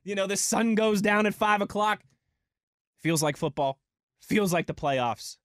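A young man co-hosting a sports radio show in a studio, energetic and playful, stretching words for effect. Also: sits high, measured pace, no echo. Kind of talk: upbeat sports talk radio.

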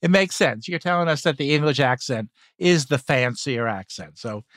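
A man's voice: medium pitch, expressive, moderate pace, fairly bright tone, no room sound, studio quality. An American man hosting a podcast, asking a guest questions in a friendly conversational way. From United States. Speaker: podcast host. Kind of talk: interview questions.

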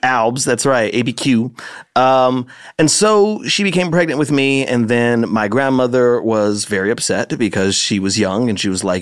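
A man's voice: medium pitch, normal speed, no room sound, clean studio sound. Playful rambling man from New Mexico. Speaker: podcast guest. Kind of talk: casual interview chat.

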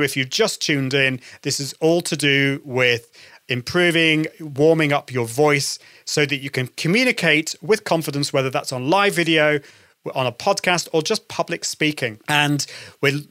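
A man coaching voice warm-ups on a podcast, encouraging and quick to demonstrate. His voice is bright and pitched a little high. The recording is close and dry, with no room sound. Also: dry recording. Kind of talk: instructional podcast talk.

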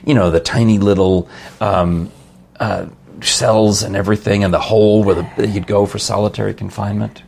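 A man's voice: lowish voice, fairly even intonation, normal speed, vocal fry, a little mellow, slightly rough. A man from New York with a New York accent, chatting casually and telling rambling, playful stories. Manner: rambling storyteller, playful, laughs often. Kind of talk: casual chat.

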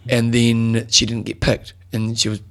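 A man's voice: mid-range voice, monotone, unhurried, a bit bright. A man co-hosting a podcast in casual chat, jokey and bantering, reading out a tribute. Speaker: podcast co-host.

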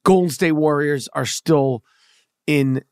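A man's voice: on the high side, slow pace, clear, resonant tone, no echo, studio quality. A man with a New York accent hosting a podcast, ranting heatedly with lots of profanity and stammered restarts. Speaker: podcast host. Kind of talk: casual monologue rant.

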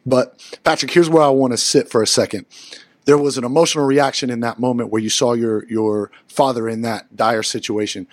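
A man's voice: mid-range voice, no room sound. A man hosting an interview, emphatic and speaking straight to the audience. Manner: emphatic, addresses the audience directly. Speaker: host.

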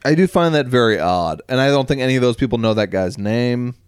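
A man's voice: mid-range voice, lively intonation, brisk, smooth, no room sound. A man co-hosting a casual podcast chat in a laid-back way, telling dry jokes. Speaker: podcast co-host.

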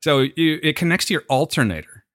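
A young man chats casually, rambling through stories with joking, mock-serious asides. His voice is bright and swings widely in pitch. The sound is dry and close. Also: animated, fast talker, no room sound. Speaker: podcast co-host. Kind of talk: casual chat.

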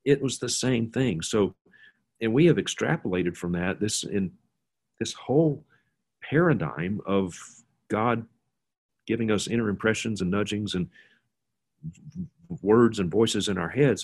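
Low husky-voiced man teaching scripture. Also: lively intonation, measured pace, pauses often. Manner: informal, with restarts and asides. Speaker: guest teacher. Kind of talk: conversational Bible teaching.

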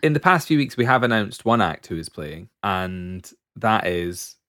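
A man's voice: low voice, sing-song, a little slow, pushed and bright, no room sound. Laid-back man with a dry sound. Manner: jokey, laughs often, trails off in lists. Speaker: podcast co-host. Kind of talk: casual chat.

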